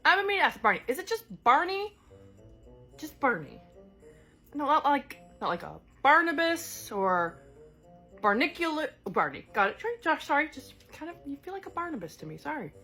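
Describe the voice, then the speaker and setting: In a full character voice, a woman speaks high-pitched and sing-song, bright and forceful, at normal speed with faint music underneath. Her improvised one-sided role-play casts her as a chatty goddess lost in another world, caring but scattered, rambling and full of fillers and self-corrections.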